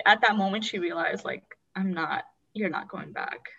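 A woman's voice: mid-range voice, moderate pace, vocal fry, hardly any pauses, bright, forceful tone, distant mic, highs cut off. A woman candidly recounting a painful personal story in a rambling, emotional way. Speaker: guest sharing her story.

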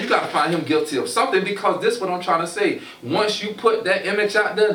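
A man's voice: high voice, fairly bright tone, far from the mic. A man co-hosting a casual podcast chat, arguing his point with lots of rhetorical questions and "you know what I'm saying". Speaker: co-host. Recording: echoey room, voice off-mic, faint noise.

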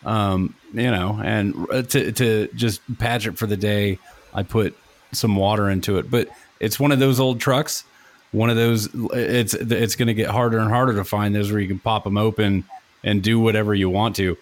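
A man's voice: on the low side, steady tone, normal speed. A man co-hosting a podcast, chatting casually in a laid-back way. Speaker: podcast co-host. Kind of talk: casual chat.

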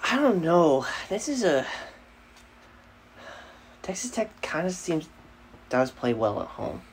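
A man co-hosting a casual sports podcast, teasing and firing quick questions. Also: on the high side, big pitch swings, a little hiss or hum. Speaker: podcast co-host.

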